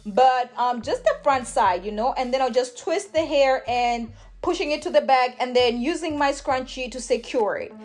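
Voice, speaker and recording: A woman's voice: sits high, normal speed, faint music behind. A woman chatting through a hair tutorial in a hyper, gushing way, calling her viewers honey and sis. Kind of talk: casual tutorial chat.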